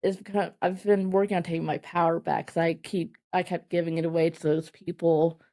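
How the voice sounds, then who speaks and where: A woman in her thirties with a lowish, mellow voice. She talks candidly as a podcast guest, halting often and restarting her sentences, with plenty of filler words. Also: level tone. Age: 30s. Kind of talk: candid conversational interview.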